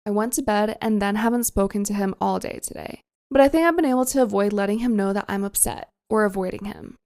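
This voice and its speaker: A woman reading a first-person confession story aloud in an even, subdued voice. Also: mid-range voice, fast. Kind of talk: storytime narration.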